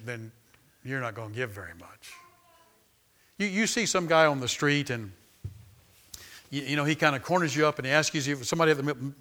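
A male pastor preaching a sermon, calling for amens and often restarting his phrases. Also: medium pitch. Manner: preaching with call-and-response, stumbling restarts, swells in loudness.

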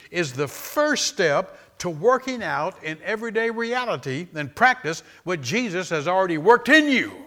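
A man preaching a sermon in a church, emphatic and repeating phrases for stress, rising to loud exclamations. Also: on the high side.

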